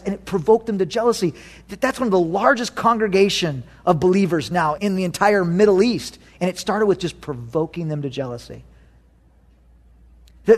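A man's voice: sits high, lively intonation, brisk. A man preaching a sermon as a youth pastor, telling stories animatedly and acting out quotes.

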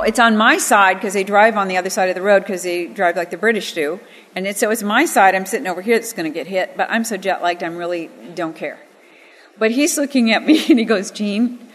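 A woman's voice: lowish voice, a bit bright, long reverb tail. A woman teaching from the Bible in an earnest, storytelling manner, pressing hard on key phrases and weaving in personal stories.

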